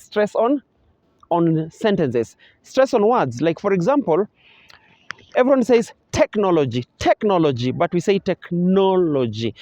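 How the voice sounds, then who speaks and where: Kenyan man teaching, slightly high voice. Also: darkish tone, dry recording. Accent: Kenyan English. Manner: explains patiently, acts out pronunciation and intonation examples. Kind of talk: exam revision lecture. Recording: dull, dry close recording.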